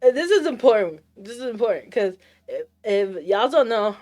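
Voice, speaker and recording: Streamer girl with a kinda high voice ranting to chat, acting out who said what, lofi music soft in the back. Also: moderate pace. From United States, of Puerto Rican Caribbean roots. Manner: animated retelling, acts out both sides of the exchange. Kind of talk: casual storytelling rant to chat. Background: faint lo-fi music.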